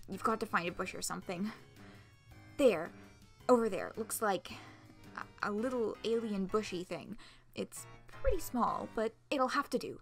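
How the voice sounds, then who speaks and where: A woman streamer reading a visual novel aloud, expressive, laughing often and swearing casually. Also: mid-range voice, gravelly.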